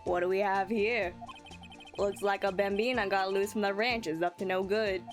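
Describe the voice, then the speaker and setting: A woman voicing a swaggering male cowboy detective in a game, talking in a slow, folksy drawl. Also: medium pitch, fairly even intonation, faint music behind, pitched below the performer's own voice, lightly acted. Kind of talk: game dialogue read aloud.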